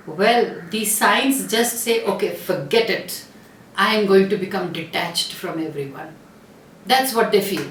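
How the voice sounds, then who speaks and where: A woman's voice: high voice, a bit bright, roomy sound, distant mic, slight background noise. A woman astrologer talking to camera in an earnest, chatty way, with frequent fillers and restarts. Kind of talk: casual talk to camera.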